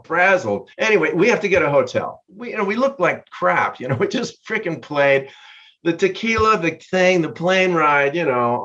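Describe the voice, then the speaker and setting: An older man being interviewed as a guest musician, telling a story in a lively way and laughing mid-sentence. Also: a little high. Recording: dull lo-fi sound.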